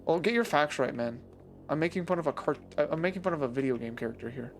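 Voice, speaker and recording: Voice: medium pitch, lively intonation, fast talker, slight background noise. A video game streamer giving casual, joking live-stream commentary while teasing the chat.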